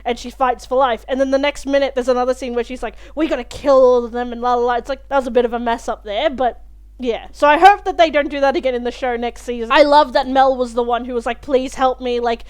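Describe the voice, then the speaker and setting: A young woman hosting a reaction video, talking through an episode in a chatty, animated way and swearing freely. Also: sits high, quick pace, clean tone. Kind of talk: casual spoken review of a TV episode.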